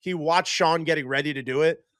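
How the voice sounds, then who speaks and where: Upbeat man telling animated stories. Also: on the high side, a little fast, smooth, no echo, clean studio sound. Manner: animated storyteller who laughs mid-sentence. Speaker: podcast co-host. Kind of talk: casual chat.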